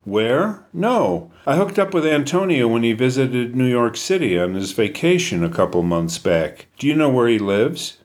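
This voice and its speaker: A man's voice: mid-range voice, animated, normal speed, few pauses, voice pushed up, lightly acted. Man putting on a friendly British biker. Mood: easygoing. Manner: easygoing, patient, slightly teasing. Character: friendly dusty male British biker, adult.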